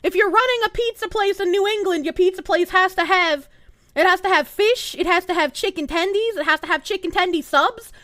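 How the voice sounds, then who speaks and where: A woman's voice: extremely high pitch, a little fast, dry recording, clean studio sound. A young woman from Boston, live-streaming in casual chat and ranting with lots of swearing. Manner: animated, profane ranting.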